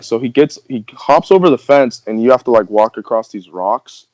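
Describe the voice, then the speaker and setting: Brief: young guy, rambling podcast storyteller, mid pitch, dull dry sound. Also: brisk, hardly any pauses, darkish tone, no echo. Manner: rambling, filler-heavy, laughing through the story. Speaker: podcast host. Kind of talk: casual storytelling.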